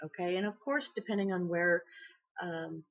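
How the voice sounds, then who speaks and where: Middle-aged woman doing a chatty tarot reading, kinda husky, a bit muffled lo-fi sound. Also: fairly low pitch, moderate pace. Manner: chatty, rambling, frequent fillers and laughs. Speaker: tarot reader. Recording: slightly dull lo-fi audio.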